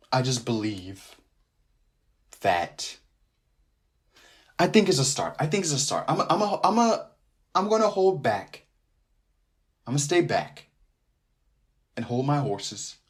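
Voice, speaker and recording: A man's voice: medium pitch, big pitch swings, slow pace, long pauses. A man hosting a casual sports podcast, joking around, repeating his phrases and sliding into a sing-song delivery. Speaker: podcast host.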